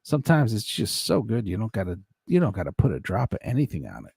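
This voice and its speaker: A man's voice: on the low side, sing-song, fast talker, vocal fry, a little mellow, breathy edge, no echo, studio quality. A man hosting a casual live stream, rambling and chuckling as he talks to his chat by name.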